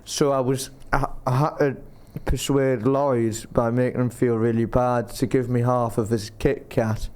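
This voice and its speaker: A man's voice: medium pitch, level tone, unhurried, few pauses, a little mellow, clear, resonant tone. A man telling casual stories as a podcast guest, rambling and self-interrupting and laughing as he talks. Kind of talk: casual storytelling.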